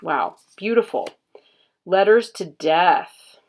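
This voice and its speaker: Host read: woman, lowish voice, very slow, casual unboxing chat with quiet murmured asides. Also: lively intonation. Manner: unhurried, murmurs card names aloud, admiring. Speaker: tarot reader and channel host.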